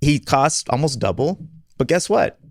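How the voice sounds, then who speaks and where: A man's voice: medium pitch, lively intonation, moderate pace, no echo, studio quality. A man hosting a podcast conversation, telling stories in a casual, self-deprecating way and laughing often. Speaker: podcast host.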